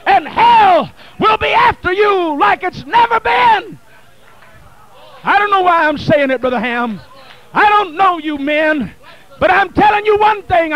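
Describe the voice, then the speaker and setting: Man, Pentecostal bishop, rhythmic shouted preaching, drawn-out slow phrases, very high voice. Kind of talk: Pentecostal sermon. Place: church sanctuary. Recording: archival 1980 church recording, distant in spots.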